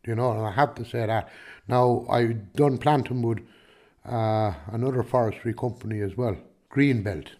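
An Irish farmer with a Kilkenny accent answers interview questions, his voice medium-pitched, moderately paced, and darkish. He rambles chattily, restarting often and saying "do you know what I mean".

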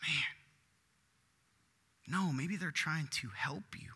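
Male pastor, fairly high bright voice, lively emphatic sermon delivery. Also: takes it slowly, breathy edge, long reverb tail. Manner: animated, rising to loud emphatic bursts. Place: church.

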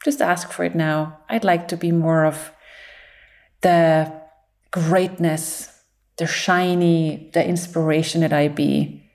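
A playful woman psychologist giving an uplifting talk. Her voice sits fairly low for a woman. She laughs often and talks in loose, encouraging bursts. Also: fairly even intonation, slow pace, a little mellow. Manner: encouraging, speaks in loose flowing phrases. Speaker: psychologist and speaker. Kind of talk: motivational talk.

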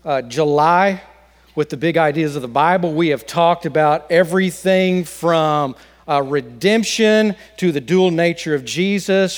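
A man's voice: a little high, a little slow, in a large hall. A man preaching a sermon as pastor, folksy and joking with the congregation. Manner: folksy joke-telling.

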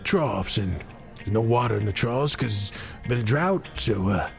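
A man's voice: fairly low pitch, expressive, unhurried, creaky, soft background music. A man telling a rambling comic tall tale, meandering with lots of fillers. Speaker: storyteller.

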